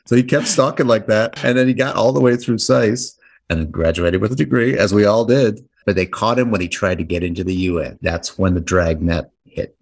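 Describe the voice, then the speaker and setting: A man's voice: sits low, normal speed, vocal fry, husky. A man co-hosting a podcast with a dry, wry sense of humor. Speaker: podcast co-host. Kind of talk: casual podcast banter.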